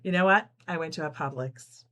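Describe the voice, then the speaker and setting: Chatty low-voiced woman hosting a sew-along. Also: a little fast, fairly bright tone. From New Jersey. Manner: chatty, reads out viewer comments, laughs often. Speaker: host of a live sew-along. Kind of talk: casual live-stream chat while sewing.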